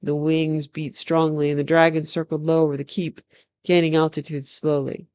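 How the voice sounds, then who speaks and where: A storyteller reading a fantasy novel aloud in a measured, even narration. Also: mid-range voice, clean tone, no room sound.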